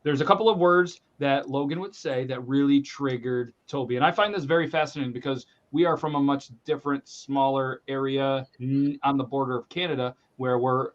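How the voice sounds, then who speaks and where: Halting man hosting a podcast, lo-fi sound. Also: medium pitch, steady tone, slight background noise. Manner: halting, repeats words while leading. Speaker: podcast host. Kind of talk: casual podcast chat.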